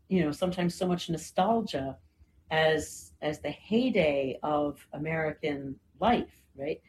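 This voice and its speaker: A woman's voice: fairly low pitch, a little mellow, slight background noise, poor audio. A woman explaining history in a conversational lecture style, often checking in with "right?" and "you know.". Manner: frequent "right?" and "you know" fillers, thoughtful.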